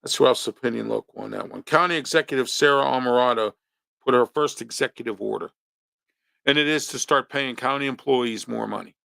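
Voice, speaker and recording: Guy ranting on his local show, bright gravelly voice, dry sound. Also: medium pitch, brisk, dry recording. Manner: ranting, rhetorical questions, emphatic. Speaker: host of a local opinion talk show. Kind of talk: opinionated monologue.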